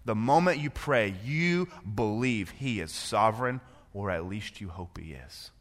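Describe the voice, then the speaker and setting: A man preaching a sermon, moving from quiet personal storytelling to impassioned, rising preaching. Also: lowish voice, animated, measured pace, in a large hall. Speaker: pastor.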